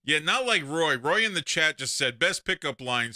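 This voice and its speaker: A man's voice: a little high, lively intonation, moderate pace, sharp tone, dry recording, studio quality. A man with a Texan accent hosting a live call-in stream, telling stories and laughing often. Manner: storytelling, jokey, laughs often. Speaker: show host.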